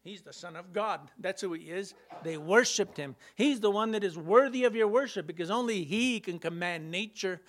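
A man preaches a sermon in a high, light voice. He reads scripture aloud and acts out the scenes with playful, animated humor. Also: normal speed, hardly any pauses.

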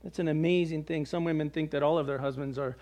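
A man's voice: a little high, steady tone, fast, darkish tone. A man preaching a sermon in a conversational way, with jokes and acted-out quotes. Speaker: pastor.

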